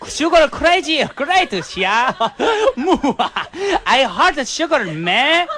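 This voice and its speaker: A man's voice: extremely high pitch, big pitch swings, drawn-out words, a crowd in the background, voice pushed up, full character voice. A man voicing a hungry guy who goes sugar-crazy, in a put-on Singlish accent for a comic radio skit. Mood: hammy. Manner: playful, hammy, laughing, singsong. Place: radio studio.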